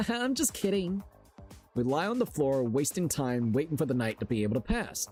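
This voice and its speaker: A man's voice: medium pitch, sing-song, brisk, dark tone, soft background music. A young man livestreaming and reading a story aloud in a loose, slangy way, often stumbling over words. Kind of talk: casual stream chat and reading aloud.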